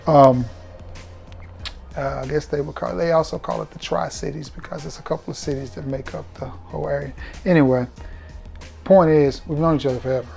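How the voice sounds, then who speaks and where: A man's voice: a little high, fairly even intonation, fairly quick, gravelly, a little mellow, soft background music. A man from Alabama with a Southern American accent, reviewing fragrances in a chatty, joking, self-assured way. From Alabama, USA. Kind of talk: casual storytelling vlog.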